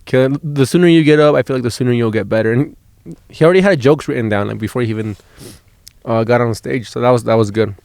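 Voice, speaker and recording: A man's voice: mid-range voice, fast, creaky, a little mellow, no room sound. A man, a stand-up comedian on a road trip, telling a rambling story in a casual, profane way, often restarting his words and laughing as he goes.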